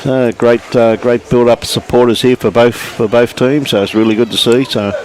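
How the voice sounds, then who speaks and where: A man's voice: medium pitch, fairly even intonation, normal speed, darkish tone. An Australian man giving live lawn bowls commentary at the club, chatty, greeting viewers by name and calling everyone mate.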